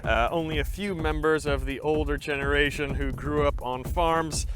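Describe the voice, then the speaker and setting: Young male vlog host, slightly high voice, chatty and loose, music bed underneath. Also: steady tone, normal speed. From Norway. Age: young adult. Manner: chatty, many fillers and restarts. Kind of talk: casual explainer to camera.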